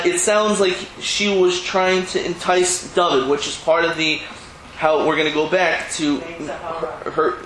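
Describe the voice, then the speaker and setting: Male Talmud teacher, high voice, retells scenes with quoted dialogue, explains terms as he goes; echoey room with faint hum. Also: a bit bright. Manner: storytelling, acting out quoted dialogue; explains Hebrew and Aramaic terms in plain English. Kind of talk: Talmud class lecture. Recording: roomy echo, faint ambient hum.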